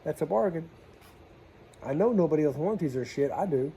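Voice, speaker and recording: A man's voice: on the high side, animated, brisk, gravelly, dark tone, a little hiss or hum. A man, a plumber telling stories in a folksy, chatty way and acting out the dialogue. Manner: folksy, chatty, southern-style slang, acts out dialogue. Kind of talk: casual storytelling vlog.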